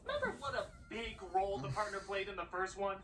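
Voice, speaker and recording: A man's voice: high-pitched, wildly swooping pitch, quick pace. Sarcastic ranting male film critic. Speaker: movie critic. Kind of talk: comedic film review. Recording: played back from far, faint noise.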